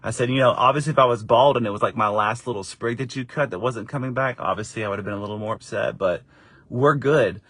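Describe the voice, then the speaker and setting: A middle-aged man and father telling a casual story to camera, lively and encouraging, jumping up in pitch when he acts out what others said. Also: fast, slightly rough, no room sound, studio quality. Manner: animated, acts out quoted voices with high pitch jumps; encouraging, faith-based wrap-up. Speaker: father and faith vlogger.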